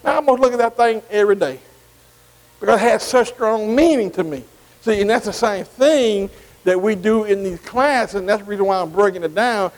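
High-voiced man teaching Bible class. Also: a little fast, in a large hall, rough recording. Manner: keeps asking the class to follow along; spells Greek words out letter by letter.

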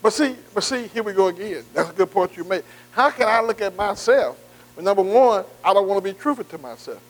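Casting: male bible study teacher, high voice, folksy preaching with constant "see" and call-outs to listeners. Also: expressive, brisk, low-quality recording. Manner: repetitive "see" and "am I right", engaging the room; folksy, informal grammar. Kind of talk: conversational preaching.

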